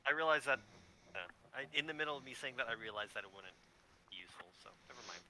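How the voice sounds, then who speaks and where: A man's voice: medium pitch, expressive, fast talker, crowd noise, poor audio. A man playing in an online tabletop game, chatting casually and often trailing off or backtracking mid-sentence. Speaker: player.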